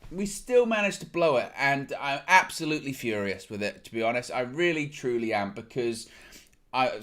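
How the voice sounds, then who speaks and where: A man's voice: fairly high pitch, a bit bright. Exasperated man ranting about football. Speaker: football fan channel host. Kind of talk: fan reaction show.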